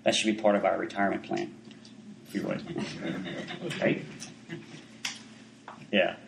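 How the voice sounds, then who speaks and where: A man's voice: low voice, flat delivery, measured pace, gravelly, roomy sound, slight background noise, rough recording. A man preaching a sermon in a conversational way, full of asides and restarts.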